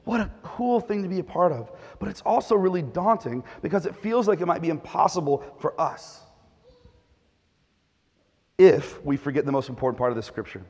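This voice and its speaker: Guy pastor preaching, kinda high voice, big storytelling energy, boom pow sound effects, echoey church hall. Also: lively intonation, moderate pace, a little mellow, slightly rough. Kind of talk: sermon.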